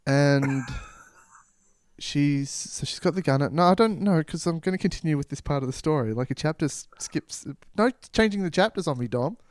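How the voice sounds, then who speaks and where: A playful man improvises a silly story on a comedy podcast, jumping in and out of voices for his characters. His voice sits a little high and sounds close and dry, with almost no room around it. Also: lively intonation, a little mellow, no room sound. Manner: playful, acts out characters with quick voice changes. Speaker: podcast co-host.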